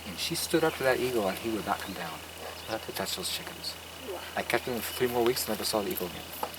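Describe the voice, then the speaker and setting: Animated and fast, a man with a low voice leads an outdoor garden tour, casually telling stories with earnest emphasis and preacher-like asides. Outdoor noise is audible on the field recording.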